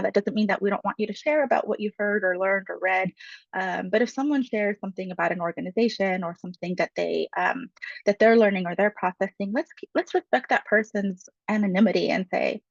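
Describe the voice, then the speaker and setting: A woman's voice: medium pitch, creaky, no echo, lo-fi sound. A woman facilitating a webinar workshop, speaking in a friendly, conversational way with frequent fillers. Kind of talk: webinar presentation.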